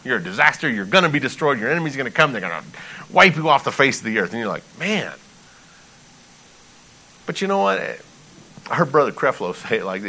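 A man preaching a sermon in an animated, conversational way, reading scripture and pleading with emphasis. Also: mid-range voice, a little fast, long pauses, poor audio. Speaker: pastor.

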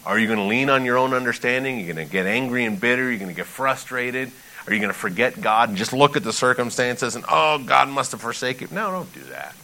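A man delivers a sermon in a casual, conversational manner, breaking from scripture readings into emphatic asides. His voice is bright and his pitch swings widely as he pleads and jokes. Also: expressive, fast talker, low-quality recording. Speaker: pastor.

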